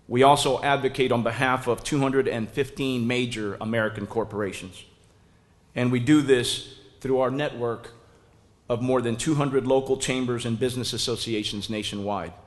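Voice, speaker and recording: A man giving a polished, courteous prepared speech as a business chamber president at a press conference. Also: mid-range voice. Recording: long reverb of a large room.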